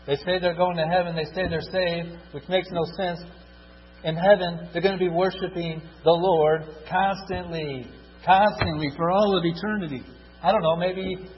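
Male preacher, slightly high voice, building to loud repeated cries then dropping to hushed pleading; dull, echoing church recording. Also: slightly rough. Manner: swings from loud fervent repetition to hushed tender pleading. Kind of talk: sermon.

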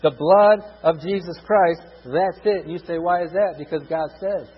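Husky slightly high voiced preacher guy, pounding the same lines over and over, big echoey church sound, kinda muffled. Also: moderate pace. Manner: emphatic, repetitive, rises and drops in volume for stress. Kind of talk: sermon. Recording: muffled with long hall reverb.

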